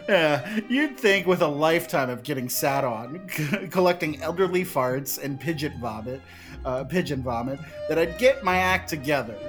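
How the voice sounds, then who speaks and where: Brief: man playing a talking park bench, rambling and self-pitying, with a lively, swooping voice and an unhurried pace. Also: soft background music. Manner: rambling, deadpan asides, shrill when excited. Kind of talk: comedic script reading.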